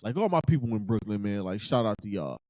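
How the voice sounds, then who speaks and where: A man's voice: lowish voice, animated, quick pace, warm tone, no echo. A man in his thirties hosting a sports podcast in casual talk, fired up and emphatic, repeating phrases for effect.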